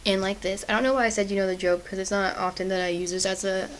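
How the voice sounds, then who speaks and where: A woman's voice: medium pitch, steady tone, fast, a little hiss or hum, rough recording. A young woman chatting casually through a makeup tutorial at home, apologetic and self-deprecating. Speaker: beauty vlogger.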